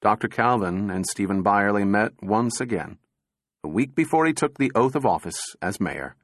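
A man narrates an audiobook in a steady, measured reading voice that sits on the low side. The sound is clean studio quality with no room sound.

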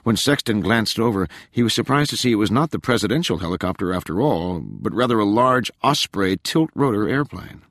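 Low, expressive male audiobook narrator, dramatic thriller reading, dry close sound. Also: brisk, few pauses, no echo. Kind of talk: scripted narration.

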